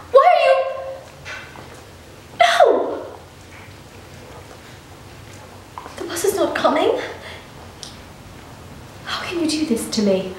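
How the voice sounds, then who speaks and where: A woman's voice: a little high, slight background noise. An actress playing a nervous, evasive young woman on the run, talking in a rambling, defensive way with nervous laughs. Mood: panicked. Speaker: actor. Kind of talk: dramatic monologue. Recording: very echoey room.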